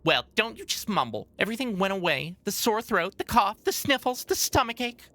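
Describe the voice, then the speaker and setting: A woman's voice: medium pitch, sing-song, brisk, a bit bright. A woman voicing a stubborn, defensive village mother in a game, reading her dialogue aloud in an indignant, self-justifying way.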